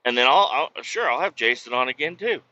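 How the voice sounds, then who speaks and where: A man hosting a casual solo podcast from a moving vehicle, rambling and joking with bursts of shouting. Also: mid-range voice, expressive, fairly quick, dull audio. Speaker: podcast host. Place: moving vehicle on a bumpy road.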